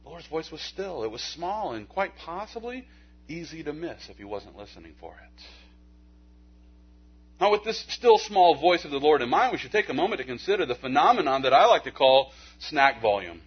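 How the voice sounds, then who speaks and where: A man preaching a sermon in a conversational way, with folksy asides, stammered restarts, and a hushed soft delivery when he makes a point. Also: fairly high pitch, big pitch swings, normal speed, husky. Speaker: pastor. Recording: dull lo-fi recording.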